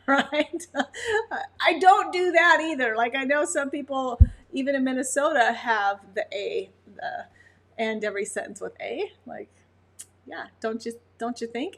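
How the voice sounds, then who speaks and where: A woman with a Montana accent and a somewhat high voice talks casually to her livestream viewers. She is a dog breeder who laughs often and answers comments as she goes. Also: unhurried, a bit bright. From Montana, USA.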